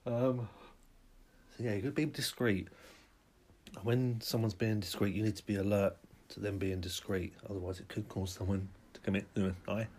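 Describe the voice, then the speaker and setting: A man hosting a podcast, delivering a rambling, sweary comic rant that bursts into shouting. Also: fairly low pitch, fairly even intonation, fairly quick, slight background noise. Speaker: podcast host. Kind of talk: comic ranting monologue.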